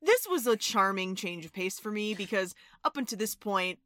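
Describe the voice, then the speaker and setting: A woman's voice: mid-range voice, expressive, moderate pace, a bit bright, soft background music. A woman co-hosting a movie podcast in casual chat, emotional and enthusiastic. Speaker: podcast co-host.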